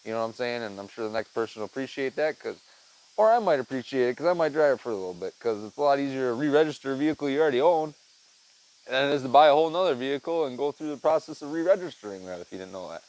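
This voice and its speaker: A man's voice: medium pitch, lively intonation, very fast, a little mellow, low-quality recording. A tired man hosting a casual podcast on his own, rambling loosely and swearing, with "man" and "dude" dropped all through. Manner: rambling, laid-back, swears, says "man" and "dude" often. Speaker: podcast host. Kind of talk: casual solo chat. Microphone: headset mic.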